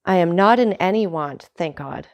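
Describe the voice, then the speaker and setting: A woman's voice: on the low side, animated, moderate pace, close to an everyday voice. A woman reading aloud, voicing a greedy, fawning young male tailor who talks in a hearty, ingratiating way, in a storybook.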